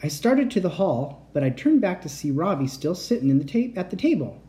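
A man reading a bedtime story to children in a gentle, expressive way. His voice is warm and mellow, and his pitch rises and falls in a lively way as he tells it. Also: fairly quick.

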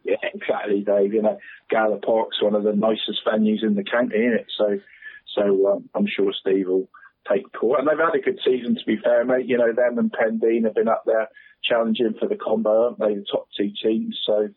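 A man's voice: lowish voice, level tone, brisk. A man chatting about local football on the radio, rambling, laughing often and calling everyone "mate". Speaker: regular football pundit. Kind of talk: casual radio chat. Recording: husky voice over a tinny phone line.

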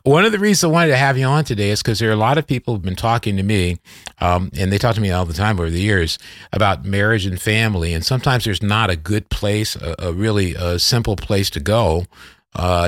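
A middle-aged podcast host shares a personal story in a reflective, conversational way, correcting himself as he goes, before interviewing his guest. His voice is fairly low, and the studio-quality recording has no room sound.

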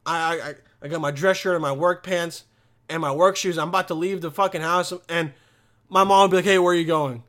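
Young male vlogger, higher voice, profane animated rambling rant. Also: a little fast. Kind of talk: casual vlog rant.

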